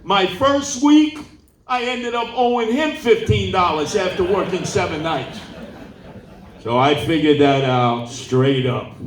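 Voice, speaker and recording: A man tells animated stories at a campaign town hall and slips into the voices of the people he quotes. His voice sits a little high for a man. It reaches the recording from a distance, ringing around a large, echoey room. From New York City. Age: 70s. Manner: animated storyteller who acts out quoted people. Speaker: political candidate at a town hall. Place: large indoor meeting room. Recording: roomy hall, voice off-mic.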